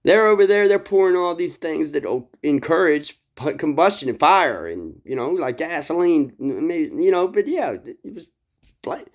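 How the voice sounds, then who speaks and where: A man retells a Bible story in a loose, rambling way. He laughs often, swears casually and restarts his sentences, and his pitch jumps around a lot. The recording sounds dull and lo-fi. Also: animated, moderate pace. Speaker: video host.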